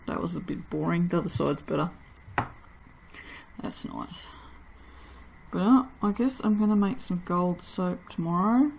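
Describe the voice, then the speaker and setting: A woman's voice: fairly low pitch, very animated, measured pace, vocal fry, long pauses, darkish tone, a little hiss or hum. A woman chatting casually while making and cutting soap, tired and self-mocking, laughing often. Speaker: soap maker. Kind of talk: casual vlog chat while working.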